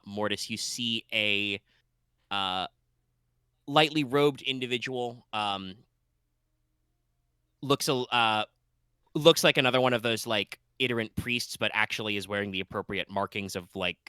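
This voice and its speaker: A male game master narrating a tabletop game in a playful, rambling way with plenty of fillers. His voice sits fairly low but rings bright and smooth, recorded dry and close. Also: a little slow, pauses often, no echo.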